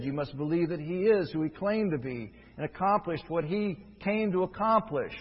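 A man preaching a sermon, emphatic, rising from quiet stretches to loud, forceful peaks. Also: fairly high pitch, slightly rough. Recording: dull, lo-fi with long hall reverb.

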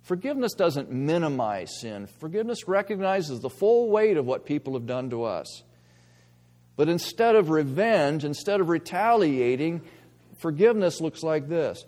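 A man preaching a sermon as pastor, earnest, moving between quiet reflection and emphatic stress. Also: fairly high pitch, sing-song, moderate pace. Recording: long reverb of a large hall.

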